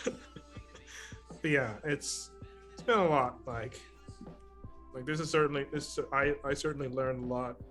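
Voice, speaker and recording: Halting young man with faint music. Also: medium pitch, fairly bright tone. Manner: halting, many restarts, laughing off. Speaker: player. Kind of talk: casual goodbye on a stream.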